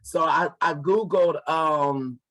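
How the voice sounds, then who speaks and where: A man in his forties, an author appearing as a guest, tells a story casually in a fairly high, fairly bright voice at a slow pace. He acts out the dialogue and often repeats and restarts words.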